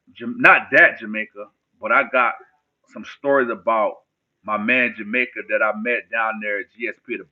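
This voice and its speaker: A man from New Jersey casually chatting with viewers on a livestream in loose street slang, answering their questions. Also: medium pitch. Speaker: livestream host. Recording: phone-like narrow band.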